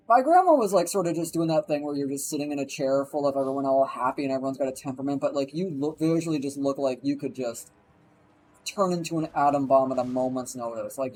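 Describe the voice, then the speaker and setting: A man's voice: medium pitch, a little mellow, a little hiss or hum, rough recording. A young man streaming live, telling a rambling, profane story while he plays a game. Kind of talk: casual chat while gaming on a live stream.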